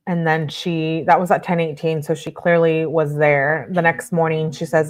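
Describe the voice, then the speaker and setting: A woman's voice: lowish voice, fairly even intonation, a little fast, a little mellow. Woman reading text messages aloud, matter-of-fact. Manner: plain matter-of-fact reading, frequent "and she says". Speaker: true crime channel host.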